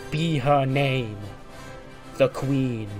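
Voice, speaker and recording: A man putting on a pompous male herald making a slow, grand royal proclamation. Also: medium pitch, a little mellow, faint music behind. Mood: grandiose. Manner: slow, grand, drawn-out delivery.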